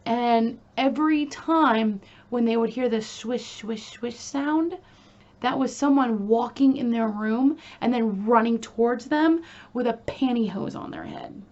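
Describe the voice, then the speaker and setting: A woman's voice: fairly high pitch, unhurried, a little mellow, highs cut off. A woman hosting a casual true crime video, talking in a chatty, emphatic way with frequent fillers and asides.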